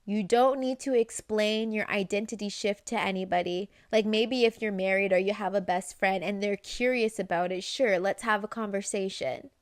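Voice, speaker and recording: A woman giving casual self-help advice straight to camera, chatty, with many "right?" asides and quick acted-out snippets of conversation. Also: medium pitch, no echo, clean studio sound.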